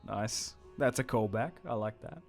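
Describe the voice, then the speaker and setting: A man's voice: fairly low pitch, moderate pace, gravelly. Young australian man, streamer, casual sweary commentary, faint music behind. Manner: laid-back, sweary, rambling.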